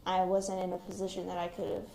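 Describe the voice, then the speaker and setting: A woman's voice: fairly low pitch, completely flat delivery, fast talker, gravelly. Hesitant young woman in a roomy space. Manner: hesitant, reflective, quiet-spoken. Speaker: shooting survivor, active military member. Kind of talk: recounting a personal experience in an interview. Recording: roomy recording with faint background noise.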